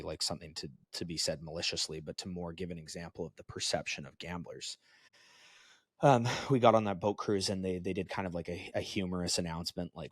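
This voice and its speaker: Male podcast co-host, very low voice, dry close sound, casual storytelling. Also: no echo. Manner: storytelling, animated when quoting others.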